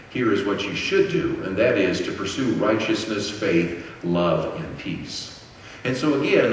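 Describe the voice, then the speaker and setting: A middle-aged man with a lowish voice speaks at a conference, working through his points like a teacher and throwing questions to the audience before answering them. His voice bounces around a big, very reverberant hall, picked up from well back, with a faint hum of room ambience underneath. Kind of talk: Christian apologetics lecture. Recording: very echoey hall, distant mic, faint ambience.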